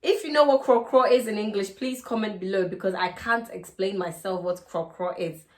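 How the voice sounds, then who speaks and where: A woman's voice: medium pitch, normal speed, darkish tone. A woman with a Ghanaian accent giving relationship advice in a playful, teasing way in a casual vlog. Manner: playful, teasing, acts out sweet-talking lines.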